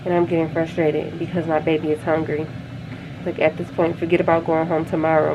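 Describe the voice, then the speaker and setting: A woman's voice: deep voice, flat delivery, fairly quick, highs cut off, noisy background. A woman vlogging a casual update to her viewers as a mother, chatty and talking straight to camera.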